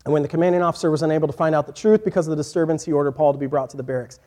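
A man preaching a sermon in an earnest voice that moves from quiet, reflective passages to emphatic points. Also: a little high, rapid-fire. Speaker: pastor.

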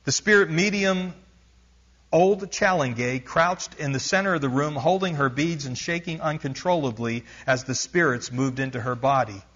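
A man's voice: a little high, moderate pace, fairly bright tone, highs cut off. A male preacher reading a missionary story aloud during a sermon, building intensity and stopping now and then to explain. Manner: reads aloud with rising intensity, stops to explain asides.

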